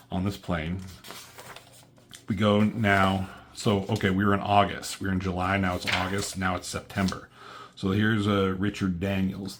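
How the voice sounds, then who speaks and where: Male reviewer, very low voice, casual, rambling, filler-heavy, salty slang. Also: a little hiss or hum. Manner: rambling, lots of "um" and "like"; profane, loose slang. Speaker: comic book reviewer.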